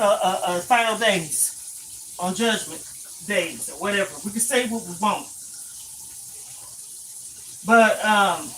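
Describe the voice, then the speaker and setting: An older woman talks on a casual live stream as she cooks in her home kitchen, her voice bright and forceful. She moves between firmly telling off rude viewers and warmly recalling her grandmother. A faint sizzle sits behind her phone mic. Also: fairly high pitch, slight background noise, low-quality recording. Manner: scolding rude viewers, then fond reminiscing. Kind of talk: casual live-stream chat while cooking.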